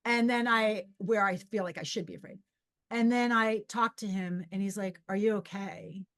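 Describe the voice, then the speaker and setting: A middle-aged woman telling a story casually on her own podcast. She talks in a loose, animated ramble, restarts her sentences and acts out what she was thinking. Her pitch sits in the ordinary middle range for a woman. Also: normal speed. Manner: animated, rambling, with many restarts and acted-out inner voices. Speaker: podcast host and psychic medium.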